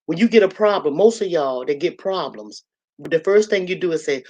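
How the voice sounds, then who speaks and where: A woman's voice: fairly low pitch, expressive, moderate pace, darkish tone, lo-fi sound. A woman talks to her viewers from her room at home. Her talk is blunt and earthy. She tells stories in a loose, casual flow, with lots of asides to her audience. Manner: blunt, earthy, storytelling with lots of "you know" and "y'all". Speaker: livestream host.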